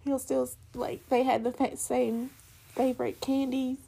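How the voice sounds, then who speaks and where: A woman's voice: sits high, flat delivery, a little slow, gravelly, warm tone, slightly rough. A young woman telling a personal story in a candid, rambling way, full of fillers.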